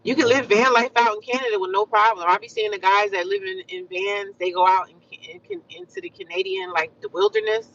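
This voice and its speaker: American woman, casual livestream chat, animated and rambling, bright sharp voice, distant lo-fi phone sound. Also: mid-range voice, fairly quick, few pauses. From United States. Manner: chatty, animated, repeats herself, calls viewers honey and sis. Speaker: livestream vlogger.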